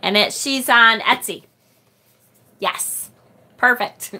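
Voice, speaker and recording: A middle-aged woman with a Rochester, New York accent, hosting a casual tarot livestream and reading viewer comments aloud, chatty and quick to laugh. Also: on the high side, bright, forceful tone. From United States. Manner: chatty and bubbly, laughs often, trails off and restarts.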